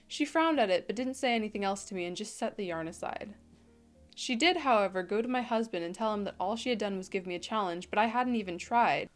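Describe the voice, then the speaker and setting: A woman in her twenties hosting a casual reaction video, reading an online post aloud and reacting with animated, slangy emphasis. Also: on the high side, a little fast, faint music behind. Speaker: YouTube host.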